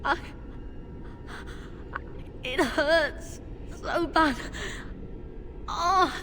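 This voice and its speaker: A woman's voice: sits high, drawn-out words, noisy background. A woman voicing a frightened young boy in pain who whimpers and pleads in a video game. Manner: weak, whimpering.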